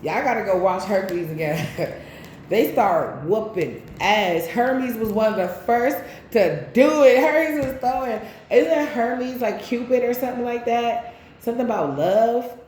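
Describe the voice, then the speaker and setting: Female tarot reader, casual and preachy, mellow tone, roomy echo. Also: a little high, measured pace, a little hiss or hum. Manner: rambling, animated, preachy asides. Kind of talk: casual spiritual tarot reading.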